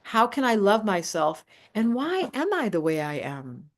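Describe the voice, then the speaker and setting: Pitched in the middle range and paced in a measured way, this older woman's voice leads a live online astrology lesson. She addresses her audience directly, lively and emphatic like an engaged teacher.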